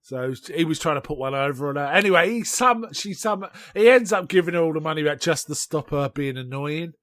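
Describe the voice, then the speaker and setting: A man, co-hosting a casual film podcast and retelling scenes with quick voiced quotes. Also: a little high, lively intonation, fairly bright tone, no room sound, studio quality. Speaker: podcast co-host. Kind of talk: casual film-recap chat.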